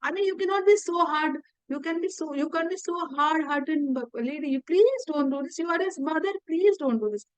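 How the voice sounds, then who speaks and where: A woman's voice: extremely high pitch, normal speed, fairly bright tone, no echo, pitched above the performer's own voice. A woman voicing a grieving old king who begs his queen in a retold epic. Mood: pleading. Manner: pleading, repeating words.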